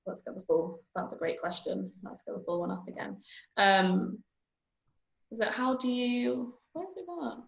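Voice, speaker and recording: A woman medical student on a video call panel, talking in a relaxed, casual way. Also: fairly low pitch, gravelly, echoey room, highs cut off. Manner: relaxed, casual, trails off while looking for the question.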